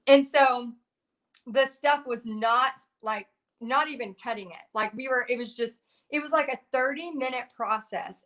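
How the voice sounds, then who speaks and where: A middle-aged woman chats casually on a livestream, her voice sitting a little high for a woman. She talks in an animated, rambling way, restarting sentences and filling gaps with "um" and "you know.". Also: moderate pace. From Texas. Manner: chatty and animated, many fillers and restarts. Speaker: painting instructor on a Facebook Live.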